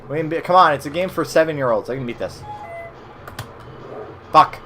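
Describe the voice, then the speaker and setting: An American man casually commenting while playing old browser games for his stream chat, swearing and reacting loudly as he plays. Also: fairly high pitch, lively intonation, brisk, slight background noise. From United States.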